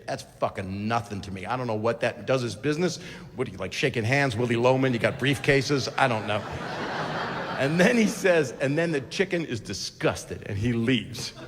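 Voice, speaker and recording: Over a noisy background, a middle-aged stand-up comedian with a medium-pitched voice delivers a crude, rambling routine. He keeps interrupting himself with digressions, and the reverberant hall carries crowd ambience.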